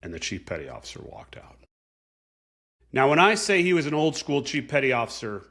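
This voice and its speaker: A man's voice: medium pitch, fairly bright tone. Podcast guy telling his own story, earnest, voice goes up and down a lot. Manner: earnest, reflective. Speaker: podcast host. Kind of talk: personal storytelling monologue.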